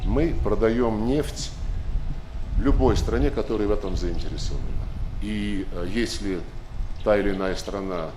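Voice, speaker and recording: A man with a low voice gives measured answers at a press conference, pausing often to gather his words. The sound is echoey, with faint ambience behind him. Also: mellow, a little hiss or hum. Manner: measured, with frequent hesitations. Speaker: visiting foreign minister.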